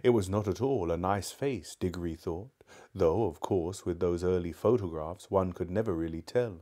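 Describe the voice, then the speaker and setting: A man reading a children's novel aloud on a live stream, with expressive storytelling delivery. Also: sits low, moderate pace. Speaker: narrator.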